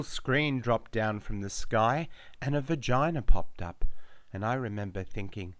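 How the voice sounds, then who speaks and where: Man, author-narrator, measured dramatic delivery, low register. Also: fairly bright tone, no room sound. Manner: slow, measured, darkly dramatic reading. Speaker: author reading his memoir. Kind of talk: audiobook narration.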